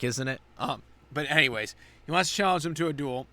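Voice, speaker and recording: A man's voice: medium pitch, animated, moderate pace, pushed and bright, no room sound. A man giving a casual spoken recap of an anime episode, rambling with many fillers and restarts. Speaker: anime reviewer.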